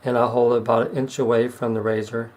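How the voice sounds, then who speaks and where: A middle-aged man giving casual step-by-step how-to narration while demonstrating razor honing, unhurried and plain-spoken. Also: mid-range voice, level tone, slight background noise, low-quality recording. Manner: unhurried, explains step by step with fillers.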